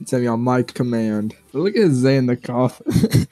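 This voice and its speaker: A man's voice: medium pitch, lively intonation, unhurried, warm tone, no room sound. A young man teasing his friends with crude jokes in casual stream chat.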